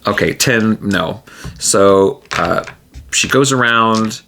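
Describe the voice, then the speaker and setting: A man's voice: fairly low pitch, slow, gravelly, bright, forceful tone, a little hiss or hum. A man narrating and playing a solo tabletop game, thinking aloud casually with plenty of fillers.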